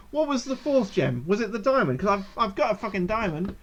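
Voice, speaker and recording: A woman playing a game on a charity livestream, reading it aloud and reacting loudly with exclamations and swearing, on dull lo-fi stream audio. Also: mid-range voice, big pitch swings, a little fast, few pauses, a little hiss or hum.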